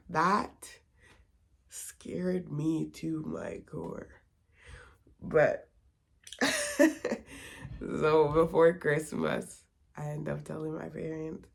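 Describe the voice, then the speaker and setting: Gravelly, husky young woman. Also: sits low, little pitch movement, very slow, long pauses. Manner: candid, confiding storytelling. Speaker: vlogger. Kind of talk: personal testimony vlog.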